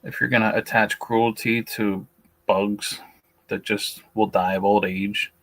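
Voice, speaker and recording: A low-voiced man with a gravelly edge talks bluntly, often restarting his sentences. His voice is a little shaky. The recording is dry and close, with no room sound. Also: little pitch movement, measured pace, fairly bright tone, no echo, poor audio. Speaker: beekeeping channel host. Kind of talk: casual livestream talk, reading and answering a list.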